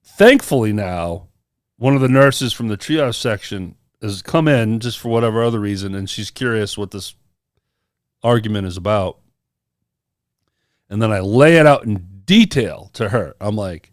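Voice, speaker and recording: A man's voice: lowish voice, expressive, normal speed, dry recording, studio quality. A man on a podcast telling a personal story in casual chat, acting out the people he quotes. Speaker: podcast co-host.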